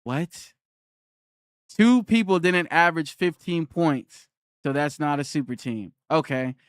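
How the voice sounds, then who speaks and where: A man's voice: on the high side, a little slow, clean tone, no room sound, studio quality. A young man on a live stream who argues with his chat, repeats his challenge and reads their comments aloud.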